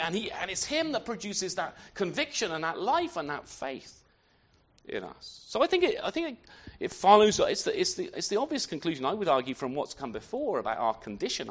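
A man's voice: sits high, a bit bright. A man preaching a sermon in an unscripted way, often restarting phrases and asking rhetorical questions.

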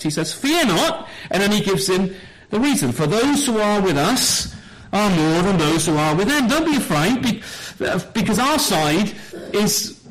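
High-voiced man preaching a sermon. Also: poor audio. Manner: animated storytelling, asks the congregation questions.

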